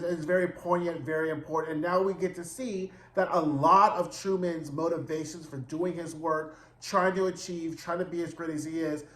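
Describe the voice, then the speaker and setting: A man hosting a casual TV recap, talking in a chatty, dramatic way with frequent asides and swearing. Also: high-pitched. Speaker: TV recap host. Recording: roomy echo.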